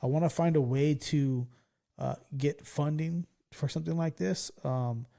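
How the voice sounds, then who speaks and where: A man in his forties from California, hosting a podcast and telling stories in a loose, profane, excitable way. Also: a little high, measured pace, vocal fry. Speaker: podcast host. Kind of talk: casual storytelling chat.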